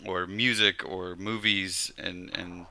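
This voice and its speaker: A man's voice: deep voice, little pitch movement, slow, pushed and bright, no room sound. A man co-hosting a podcast, talking in a rambling, reflective casual chat with many restarts. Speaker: podcast co-host.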